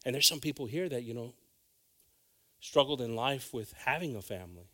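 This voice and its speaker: A man preaching a bilingual sermon, swinging from hushed asides to loud calls and repeating phrases. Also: medium pitch, animated, normal speed.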